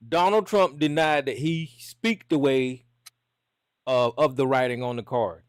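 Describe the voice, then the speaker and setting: A man's voice: medium pitch, unhurried, smooth, no room sound, clean studio sound. Exasperated, cursing man on a call-in. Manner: exasperated, profane, repeats himself. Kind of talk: heated call-in debate.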